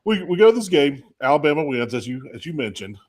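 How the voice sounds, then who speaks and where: A man hosting a casual chat, telling a lively story and acting out quotes. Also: a little high, quick pace. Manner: animated storyteller, acts out quotes. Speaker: podcast host.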